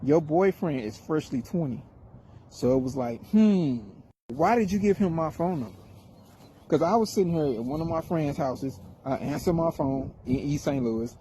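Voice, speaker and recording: A middle-aged man spins a storytime tale in an animated, wry, profane way. His voice sits a little high for a man but sounds mellow and warm. Faint traffic noise hums behind him. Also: moderate pace, low-quality recording. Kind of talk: casual storytime monologue.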